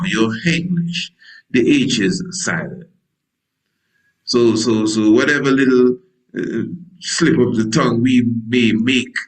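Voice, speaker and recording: A man's voice: mid-range voice, low-quality recording. A male priest preaching a sermon in a folksy, digressive way, full of wordplay, who acts out scripture dialogue in different voices.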